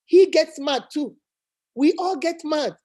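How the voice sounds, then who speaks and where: Slow and mellow, a high-voiced female channel host gives advice in a talk-show chat. She preaches emphatically, circling back to hammer her points again.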